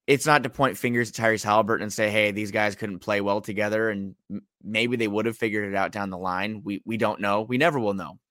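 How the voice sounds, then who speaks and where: A man with a bright, forceful tone rattles off statistics and drives his points home. His voice sits a bit low, and the sound is dry and close. He talks like a host in a casual sports chat. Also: fast, no room sound. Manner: reels off stats, emphatic.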